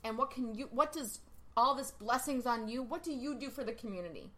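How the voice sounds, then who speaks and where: A woman's voice: fairly high pitch, lively intonation, a little fast, fairly bright tone. A woman hosting a podcast, chatting casually in a blunt, emphatic way and swearing freely. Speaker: podcast host; life coach.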